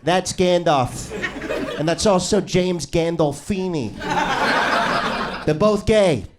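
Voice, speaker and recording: A man's voice: fairly high pitch, slow, very noisy. A male stand-up comedian doing an improvised set in a small comedy club, brash and crude, needling the crowd.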